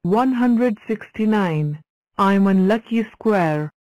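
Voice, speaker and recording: A woman voicing a cheerful talking number block in a cartoon, giving slow flat self-introductions. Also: mid-range voice, dry recording, low-quality recording. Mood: plain.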